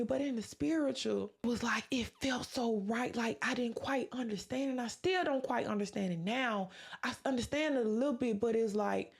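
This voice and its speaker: A woman with a slightly high, gravelly voice tells a personal faith testimony on her podcast. She speaks earnestly and with emotion, replaying her own past words as she goes. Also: a little mellow. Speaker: podcast host.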